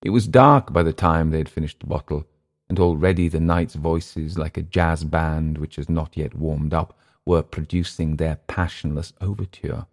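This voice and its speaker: A man reading a vintage short story aloud in steady, measured narration. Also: rumbling low.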